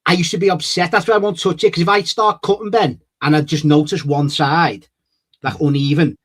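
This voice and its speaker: A man's voice: fairly high pitch, steady tone, fairly quick. A man co-hosting a podcast, telling stories in a laid-back, chatty way. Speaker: podcast co-host. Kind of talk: casual chat.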